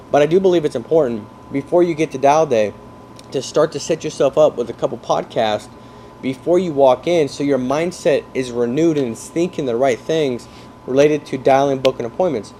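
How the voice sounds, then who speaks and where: A man coaching salespeople in an energetic talk, explaining through football comparisons and often checking that his listeners follow. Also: medium pitch, normal speed, slight background noise. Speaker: sales trainer.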